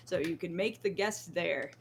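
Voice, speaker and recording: A woman's voice: on the low side, measured pace, vocal fry, husky. A woman hosting a podcast in casual chat, a jokey, self-deprecating storyteller. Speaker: podcast host.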